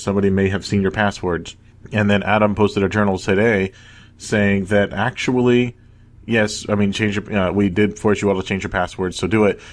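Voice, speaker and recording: Male co-host, lowish voice, steady informative delivery off an agenda. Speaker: podcast co-host. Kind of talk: casual podcast chat.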